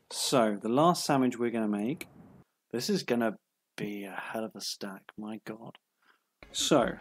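A man's voice: mid-range voice, breathy edge. A man giving playful, giggly commentary as he plays a video game, laughing often. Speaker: streamer. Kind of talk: gameplay commentary.

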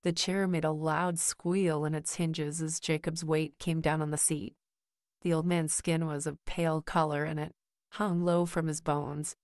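A woman reads a horror story aloud in a low voice. Her delivery is slow and measured. The recording is dry and close. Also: flat delivery, darkish tone, no room sound. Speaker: narrator. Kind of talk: scripted horror story narration.

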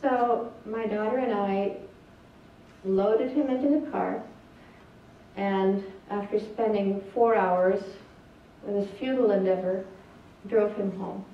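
A woman's voice: mid-range voice, steady tone, slow pace, long pauses, slight background noise. An older woman doctor, telling a family story in an earnest, plainspoken talk with hesitations. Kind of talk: presentation. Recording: distant echoey lo-fi hall recording.

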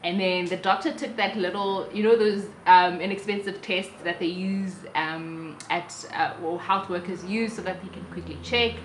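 A young woman with a South African accent tells her own story to the camera in a lively, chatty vlog manner. She jumps back to restart sentences and keeps a casual, confiding tone. The room is roomy, and a faint ambient hum sits underneath her. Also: fairly low pitch, normal speed, hardly any pauses. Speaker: vlogger.

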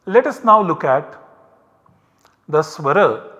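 A man with an Indian English accent, lecturing in a measured, explanatory way, with a voice pitched a little high for a man. The recording has a long reverb tail, as if captured in a resonant hall. He walks through each step of his examples at a steady pace. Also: highs cut off. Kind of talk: university lecture.

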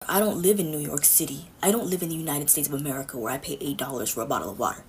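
A woman's voice: sits low, very fast, a little hiss or hum. A woman ranting defiantly, mocking her critics with profanity. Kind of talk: casual rant to phone camera.

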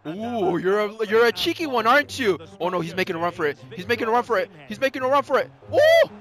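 A gamer giving excitable let's play commentary, yelping at near misses and dropping Spanish exclamations into English. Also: medium pitch, fast. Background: faint background music.

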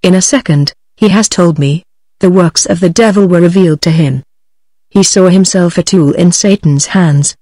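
A text-to-speech woman's voice with a British English accent, narrating an audiobook in an even, synthetic reading. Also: lowish voice, normal speed, dry recording.

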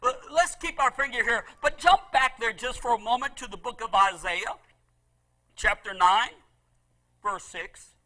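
A middle-aged male pastor preaching a sermon with passion, repeating phrases and swinging between loud emphasis and soft asides. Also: extremely high pitch, measured pace, low-quality recording.

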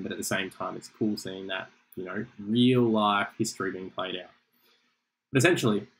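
Young man, lowish voice, chatty lecture, faint hiss behind. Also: poor audio. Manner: casual, chatty explaining with asides. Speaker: chemistry lecturer. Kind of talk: exam revision lecture.

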